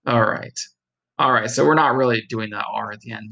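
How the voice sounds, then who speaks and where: A man's voice: on the low side, fairly even intonation, brisk, vocal fry, bright, forceful tone, low-quality recording. A man thinks aloud, reading course notes and practising a pronunciation in a casual study session. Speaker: online study blogger.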